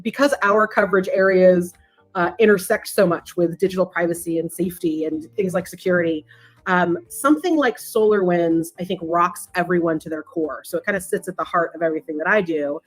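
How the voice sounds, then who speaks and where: A woman's voice: on the low side, fairly quick, soft background music. Chatty woman analyst, lightly joking. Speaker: industry analyst. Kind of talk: casual panel discussion.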